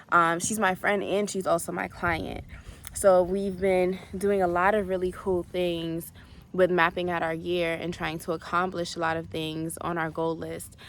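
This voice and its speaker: A woman's voice: lowish voice, creaky, a little hiss or hum. A woman vlogging about her travels, telling a personal story candidly with lots of casual fillers.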